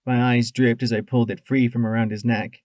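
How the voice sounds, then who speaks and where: A man's voice: mid-range voice, level tone, a little fast, no echo. A man narrating a first-person fan audiobook in an emotive way, close to the mic. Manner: emotive, shifting from tense to hushed.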